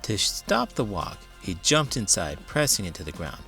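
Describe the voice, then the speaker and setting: A man reading a children's picture book aloud with dramatic, expressive storytelling. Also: fairly low pitch, normal speed, gravelly, faint music behind. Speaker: teacher and children's book reader. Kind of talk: children's read-aloud narration.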